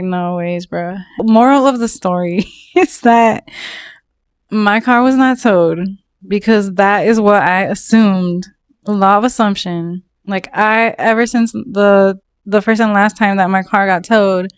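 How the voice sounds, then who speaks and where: Woman telling a story, slow and smooth. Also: medium pitch, no echo, clean studio sound. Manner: animated, swears, lots of "like". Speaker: storytelling vlogger. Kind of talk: casual storytime.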